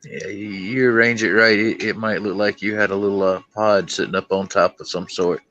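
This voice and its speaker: Guy with a lowish voice, dry matter-of-fact tone, just chatting. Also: steady tone, fairly quick, a bit bright, highs cut off. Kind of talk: casual chat.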